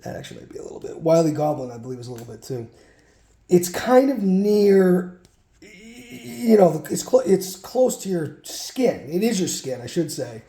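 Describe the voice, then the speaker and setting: A man's voice: on the high side, big pitch swings, fairly quick, few pauses, mellow, echoey room. A man casually telling a rambling childhood story while sorting through a card collection, breaking off for muttered asides.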